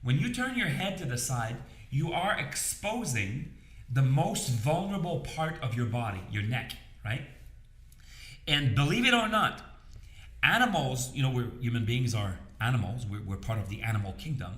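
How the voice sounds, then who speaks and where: A man's voice: medium pitch, sing-song, normal speed, fairly bright tone. Talkative man giving advice in a roomy space. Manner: conversational, repeats phrases, checks in with "okay?" and "you understand?". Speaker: business coach. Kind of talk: casual advice talk to camera.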